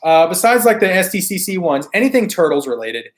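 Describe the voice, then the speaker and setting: A man hosting a live stream, his voice going hoarse as he loses it. He sits a little higher in pitch than most men and keeps things laid-back and slangy, chatting with viewers and laughing easily between comments. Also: very animated, a little fast. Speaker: toy collecting live stream host.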